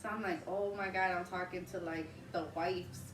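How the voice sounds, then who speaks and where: Animated woman telling a story, roomy. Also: fairly low pitch, normal speed, background noise. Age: 30s. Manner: animated, laughing as she retells the story. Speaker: vlog host. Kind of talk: casual storytelling. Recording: roomy, distant mic, faint ambience.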